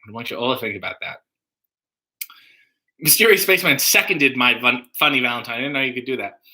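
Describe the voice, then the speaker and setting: A man's voice: medium pitch, expressive, a little fast, bright, forceful tone. A man hosting a casual livestream, joking around and reading viewer comments aloud. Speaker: livestream host.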